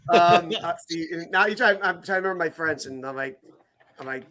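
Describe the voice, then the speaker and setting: A man's voice: a little high, a little fast, bright, forceful tone. A man co-hosting a casual podcast, playful and hamming it up as he chats. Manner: playful, hams it up with mock French. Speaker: podcast co-host.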